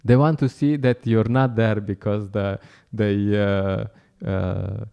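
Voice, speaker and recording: A man's voice: on the low side, fairly even intonation, slow pace, vocal fry, dark tone, smooth, lo-fi sound. A man giving an informal, chatty talk at a temple class, laughing often and acting out encounters with people on the street.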